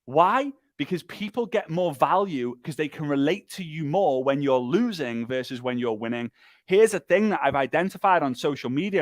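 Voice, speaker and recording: Energetic man giving a pep talk. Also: on the high side, no room sound, studio quality. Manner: energetic, emphatic, lively, with repetition and mimicry. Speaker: speaker and business trainer. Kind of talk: motivational training talk.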